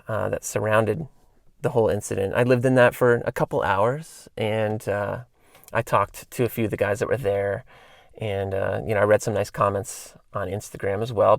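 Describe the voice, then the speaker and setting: A man's voice: mid-range voice, gravelly, no room sound, clean studio sound. A man in his thirties, hosting a solo podcast and telling rambling casual stories full of fillers and tangents. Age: 30s. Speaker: podcast host.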